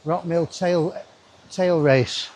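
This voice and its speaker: A travel vlogger with a fairly high, steady, slightly mellow voice and drawn-out words chats casually to his camera while walking outdoors through a river gorge. He rambles, tossing in asides to himself.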